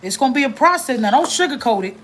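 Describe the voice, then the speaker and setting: A woman giving blunt, animated advice to caseworkers, telling stories and cussing freely in a casual livestream. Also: high-pitched, quick pace, a little hiss or hum, poor audio. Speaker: family advocate speaking to caseworkers.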